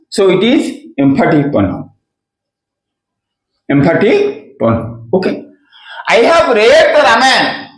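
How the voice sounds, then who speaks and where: A man's voice: very high voice, fairly bright tone. A man teaching grammar, who repeats key phrases and answers his own questions. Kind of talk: slow explanatory lesson. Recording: echoey room.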